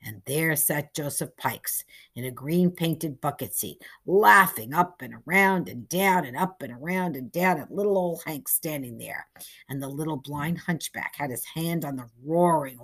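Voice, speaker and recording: A woman reading a short story aloud in a measured, hushed storytelling manner. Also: sits low, breathy edge. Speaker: narrator.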